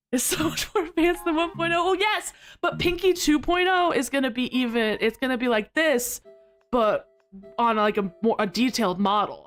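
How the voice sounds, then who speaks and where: A woman's voice: high voice, expressive, normal speed, faint music behind. A woman streamer chatting with her viewers live, bubbly and giggly, laughing often.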